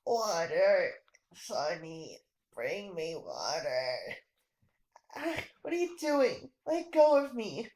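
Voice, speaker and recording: A woman's voice: lowish voice, big pitch swings, takes it slowly, a little mellow, echoey room, pitched below the performer's own voice, low-quality recording. A woman voicing a dying, burned old man who pleads weakly for water in a strained, broken voice. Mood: pleading, weak.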